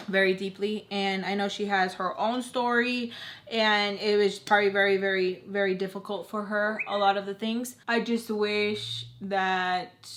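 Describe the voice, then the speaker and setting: Young woman, bright tone, blunt chatty storyteller, casual vlog delivery. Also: medium pitch, a little hiss or hum. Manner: candid and blunt, swears freely, chatty with many "like"s. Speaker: storytime vlogger. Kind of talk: casual storytime while doing makeup.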